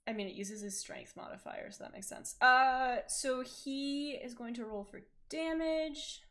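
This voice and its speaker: A young adult woman narrating as game master, casual and laughing, with halting fillers. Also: high-pitched, a bit bright.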